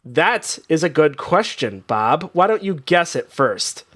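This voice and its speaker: A man hosts a comedy word game in loose, rambling banter, laughing often and restarting his sentences. His voice sits high and swoops around with lots of energy. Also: big pitch swings, measured pace, a bit bright. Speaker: game show host.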